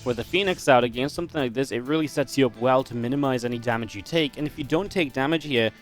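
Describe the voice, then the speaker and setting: A man's voice: medium pitch, quick pace, soft background music. A man casting a strategy game match, chatty and analytical, breaking into easy laughs. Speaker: esports caster. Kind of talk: play-by-play game commentary.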